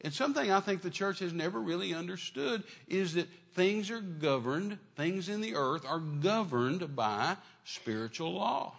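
A man's voice: high-pitched, expressive, measured pace, creaky, hardly any pauses. An older man preaching a sermon in a folksy, repetitive way, stressing points with restarts.

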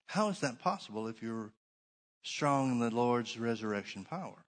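Man preaching a sermon, emphatic pauses. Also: mid-range voice, expressive. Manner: preaching with shifting emphasis, slows to stress points. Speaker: pastor.

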